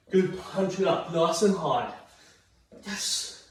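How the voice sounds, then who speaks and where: Breathless, encouraging Australian fitness coach. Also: male voice, sits high, expressive, very slow, long pauses. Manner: upbeat, encouraging, counts reps aloud. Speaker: fitness instructor. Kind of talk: guided seated exercise class. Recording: very echoey room, mic far off.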